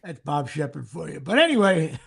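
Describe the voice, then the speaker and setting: A man co-hosting a sports talk show, telling animated stories and doing announcer impressions. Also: on the high side, brisk, gravelly, breathy edge. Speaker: podcast co-host. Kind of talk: casual sports chat.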